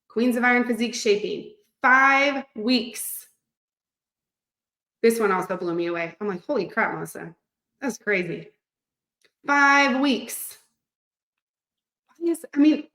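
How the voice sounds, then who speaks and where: A woman in her thirties, a fitness coach, talking to her live audience in a gushing, excitable, chatty way. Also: a little high. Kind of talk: live-streamed coaching talk. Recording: echoey room.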